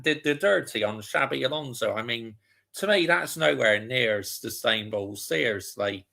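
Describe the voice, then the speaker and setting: Man, slow gravelly delivery, bright tone, casual watch-along streamer answering chat. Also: medium pitch, animated. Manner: chatty, reads out viewer comments and answers them. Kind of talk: casual live football chat.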